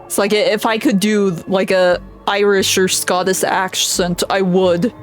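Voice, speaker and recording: A woman streamer chatting casually while she plays a game, giggly and chatty, with frequent soft laughs. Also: mid-range voice, level tone, measured pace, soft background music.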